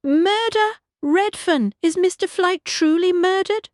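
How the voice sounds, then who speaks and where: A woman's voice: slow pace, no room sound. A commanding aristocratic lady, put on by a woman reading a mystery audiobook, with a piercing, raised voice. She speaks in clipped, decisive bursts and expects to be obeyed. The sound is close and dry. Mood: imperious. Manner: shrill, decisive, near shouting. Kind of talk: audiobook character voice.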